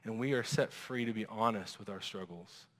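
A man preaching a sermon as a pastor, animated and acting out quoted voices. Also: fairly low pitch, moderate pace. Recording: long reverb of a large hall.

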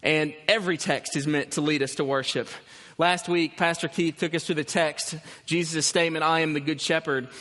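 A man preaching a sermon as pastor, telling the story with animated restarts and emphasis. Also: a little high, normal speed. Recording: long hall reverb.

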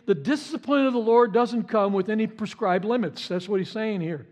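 Male pastor, higher voice, passionate preacher who stammers and repeats. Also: lively intonation, a little fast, a little mellow, muffled recording. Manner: impassioned, repeats words, stammers on restarts. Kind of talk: sermon.

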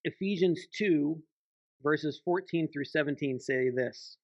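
Preaching slowly in a voice that sits a little high, a church elder talks conversationally and keeps asking the congregation "right?" The recording lacks echo and has a lo-fi quality.

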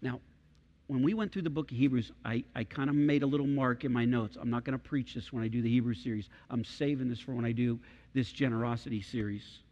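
A man's voice: medium pitch, fast talker, mellow, highs cut off. A middle-aged man preaching a sermon as pastor, emphatic and repeating key phrases for weight. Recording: long hall reverb.

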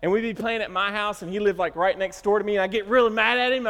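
A man delivers a sermon with animated storytelling and acts out quotes along the way. His voice sits high for a man, and a long reverb trails off each phrase in the big room. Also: quick pace, few pauses. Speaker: pastor. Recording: reverberant church hall.

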